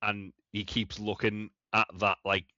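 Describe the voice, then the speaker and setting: Male co-host, low voice, excitable, swears a lot, lo-fi recording. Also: a little slow, no room sound. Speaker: podcast co-host. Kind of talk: casual chat.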